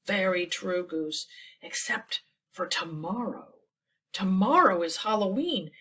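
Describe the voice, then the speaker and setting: A woman's voice: medium pitch, lively intonation, slow, sharp tone, distant mic. A woman voicing a cheerful, easygoing male duck in a storybook read-aloud.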